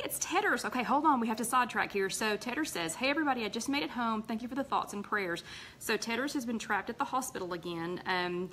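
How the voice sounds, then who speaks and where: A woman hosting a casual live chat, greeting viewers by name between sentences. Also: slight background noise. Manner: lively pitch jumps on greetings. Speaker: host of a live weight-loss chat. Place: home room with tall windows.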